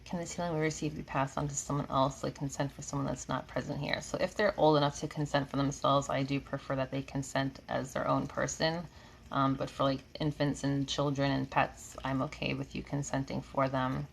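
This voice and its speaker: A reiki healer in her thirties, a New Yorker with a slight Southern drawl, hosts a live stream from a home room with the air conditioning running. Her rumbling low, creaky voice is flat in delivery and brisk. She chats casually, reading and answering comments and laughing often, over slight background noise.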